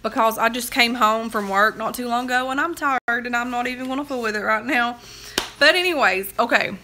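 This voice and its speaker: Bright-voiced chatty woman. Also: fairly high pitch, fairly quick, a little hiss or hum. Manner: chatty, drawling, digresses and laughs at her own stories. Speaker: livestream host. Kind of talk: rambling casual chat. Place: at home, crunched up on a couch.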